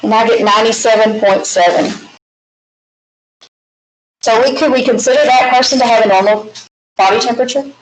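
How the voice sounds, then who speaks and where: A woman's voice: on the high side, moderate pace, pauses often. Woman, Southern US accent, math instructor, recorded lecture, chatty folksy asides, echoey classroom, faint hiss. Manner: chatty, folksy asides while working problems.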